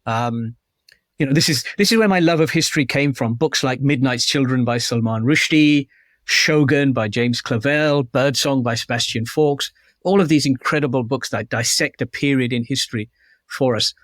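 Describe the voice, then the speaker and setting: A man's voice: mid-range voice, normal speed, a bit bright, no room sound. Chatty self-deprecating man, dry sound. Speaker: guest author. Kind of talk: casual interview chat.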